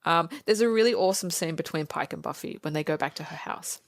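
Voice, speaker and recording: A woman talks through a film on a podcast, animated and quick to act out lines from scenes. Her voice sits a little low, and the sound is dry and close. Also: creaky, no echo. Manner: animated, acts out quoted lines. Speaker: podcast co-host. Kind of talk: casual movie review chat.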